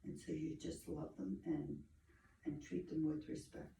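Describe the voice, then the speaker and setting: A woman giving a medium reading, feeling her way through each phrase slowly and circling back to repeat herself. Her voice has a gravelly fry to it. She sounds distant from the mic in an echoey room with faint background noise. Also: low-pitched, little pitch movement, dark tone. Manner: halting, searching, repeats phrases. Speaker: psychic medium.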